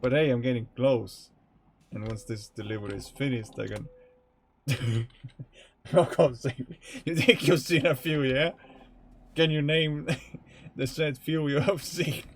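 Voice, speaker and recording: A man's voice: medium pitch, fairly even intonation, measured pace, long pauses. A male streamer chatting casually during a game, often breaking into laughter. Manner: giggly, keeps breaking into laughter.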